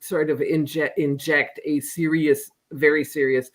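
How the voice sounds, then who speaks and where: A middle-aged woman, an author guest, talking casually and hesitantly, with many pauses and restarts. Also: low-pitched, level tone. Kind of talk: casual interview chat.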